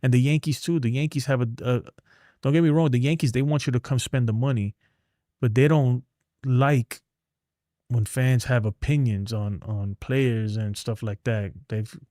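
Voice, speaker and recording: A man's voice: medium pitch, fairly even intonation, moderate pace, warm tone, no room sound, studio quality. Blunt New guy ranting. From New York. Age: middle-aged. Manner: blunt, rambling, drops to mumbles. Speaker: sports streamer. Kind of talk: casual livestream rant.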